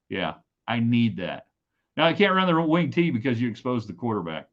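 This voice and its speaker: A middle-aged man hosts a casual live-stream chat from his home office, talking in an animated, emphatic, rambling way. He has a mid-range voice at normal speed, and the audio sounds dull.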